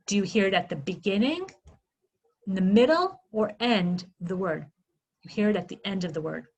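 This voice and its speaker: A woman giving a literacy workshop, sounding out phonemes slowly and asking questions she answers herself. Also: medium pitch, animated, darkish tone, a little hiss or hum, rough recording. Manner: slow, exaggerated sounding-out of phonemes; asks questions then answers them herself. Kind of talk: instructional presentation.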